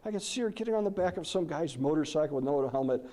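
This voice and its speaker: A middle-aged man giving a presentation, telling animated stories and posing questions to the audience. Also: a little high, fast. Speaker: lecturer. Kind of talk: conference presentation.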